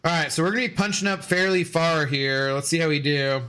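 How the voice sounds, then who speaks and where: 40s guy streaming a game, kinda high and super bright, rambly and chill with lots of fillers. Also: brisk, clear, resonant tone. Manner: rambling storyteller, loose with fillers and swearing. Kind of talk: casual live-stream chat.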